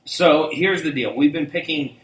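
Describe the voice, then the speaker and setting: A man's voice: on the high side, moderate pace, a bit bright. A middle-aged man co-hosting a podcast, trading dry, teasing banter in casual chat. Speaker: podcast co-host. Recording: roomy, distant mic with faint noise.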